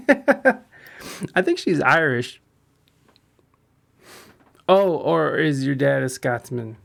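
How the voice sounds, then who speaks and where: Slow, laid-back man on a casual podcast. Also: on the high side, big pitch swings, creaky, fairly bright tone. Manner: laid-back, profane, laughing often. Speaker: podcast host. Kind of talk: casual podcast chat reacting to a clip.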